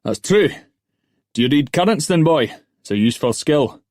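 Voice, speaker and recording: A man doing a sharp, gruff ship's master. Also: on the high side, lively intonation, moderate pace, no room sound, studio quality, voice pushed up, natural voice. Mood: demanding. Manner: sharp, demanding.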